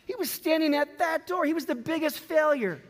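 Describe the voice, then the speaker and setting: A man preaching a sermon to a congregation, swinging from loud bursts to hushed, drawn-out words. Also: extremely high pitch. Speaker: pastor. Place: church sanctuary. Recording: long hall reverb.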